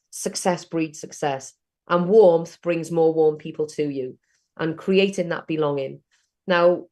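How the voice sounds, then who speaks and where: A woman's voice: deep voice, a little mellow. A middle-aged woman from South Wales, telling networking stories in a chatty way during an online training session. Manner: chatty storytelling.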